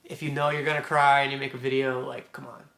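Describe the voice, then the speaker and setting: A man's voice: medium pitch, little pitch movement, quick pace, gravelly, fairly bright tone. A young man telling a personal story to camera, rambling and reflective with frequent restarts. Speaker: vlogger. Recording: echoey room.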